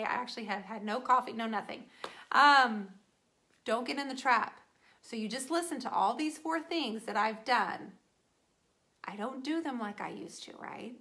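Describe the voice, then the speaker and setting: Animated bright-voiced woman vlogger. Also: fairly high pitch. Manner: animated, talks to viewers by name, playful asides. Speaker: furniture painting vlogger. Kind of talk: casual chatty vlog.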